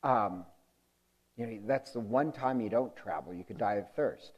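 A man's voice: on the low side, moderate pace, darkish tone, husky. A man preaching a conversational sermon, telling a story in a chatty, amused way with many ums and uhs. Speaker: pastor.

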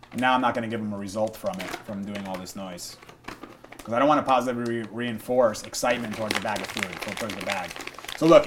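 With a noisy background behind him, a young adult dog trainer talks casually at medium pitch, swearing freely during his demonstration. He shifts to a soft murmur whenever he's calming the dog.

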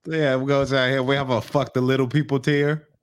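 A man's voice: medium pitch, flat delivery, brisk, clean tone. A man co-hosting a podcast in casual chat, joking and arguing his point with frequent laughs. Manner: joking, argumentative, laughs a lot. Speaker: podcast co-host.

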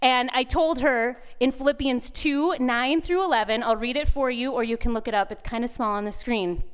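A woman in her thirties speaking at a retreat, telling a lively story as a sermon and acting out voices in the quotes. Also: on the high side, moderate pace, clean tone.

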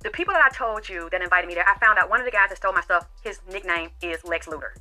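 A woman's voice: mid-range voice, expressive, fast talker, pushed and bright, faint music behind, poor audio. A woman hosting a podcast, telling a personal story in a blunt, profane, emphatic way. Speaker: podcast host. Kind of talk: storytelling commentary.

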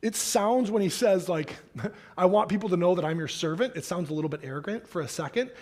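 A man preaching a sermon, reading scripture aloud and then explaining it in an animated, conversational way with casual asides. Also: high-pitched, a little fast. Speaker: pastor.

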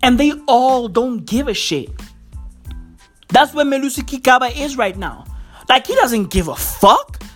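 A woman ranting profanely into a microphone, full of slang, swearing and loud laughter at her own jokes. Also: high-pitched, very animated, a little slow, faint music behind. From South Africa.

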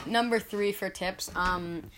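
A woman's voice: medium pitch, slow, a bit bright, a little hiss or hum. A woman co-hosting a podcast, giggly and playful while giving tips. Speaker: podcast co-host. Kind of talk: casual chat.

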